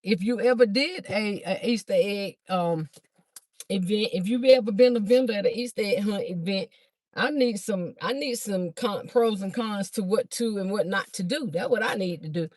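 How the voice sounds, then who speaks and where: Chatting quickly to her livestream viewers, a woman who hosts and sells is slightly breathless as she heads from the car, through the garage, and into her house with the phone in hand. She calls them "y'all" in a medium-pitched, darkish voice, with no echo.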